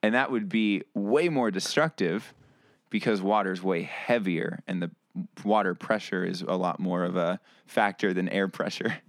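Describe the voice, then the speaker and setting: A man's voice: deep voice, moderate pace, dry recording, studio quality. A man co-hosting a podcast, chatting casually and animatedly, often laughing and restarting his sentences. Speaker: podcast co-host. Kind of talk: casual chat.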